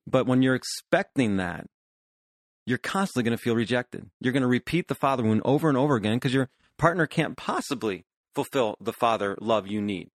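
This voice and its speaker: A man's voice: mid-range voice, expressive, a little fast, dry recording, clean studio sound. A man in his fifties, a pastor and therapist hosting a podcast, talking earnestly about counseling couples. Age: 50s. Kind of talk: podcast conversation.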